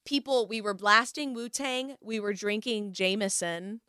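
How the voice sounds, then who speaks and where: A young woman telling a story in casual chat, animated and acting out what people said. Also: medium pitch, a little slow, smooth, dry recording, clean studio sound. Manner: animated storyteller, acts out quoted voices.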